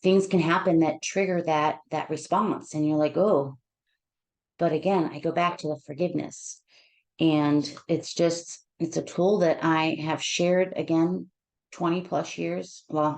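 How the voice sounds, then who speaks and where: This counselor's voice is female, on the low side, gravelly and slightly mellow. Emotional and almost crying, she tells listeners a personal story, breaking off and restarting often in a heartfelt, halting manner.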